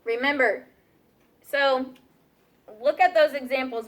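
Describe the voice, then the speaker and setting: Woman teacher, high and bright, patient classroom instruction with frequent check-ins. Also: fairly even intonation, unhurried. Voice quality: clear, patient, questioning students often.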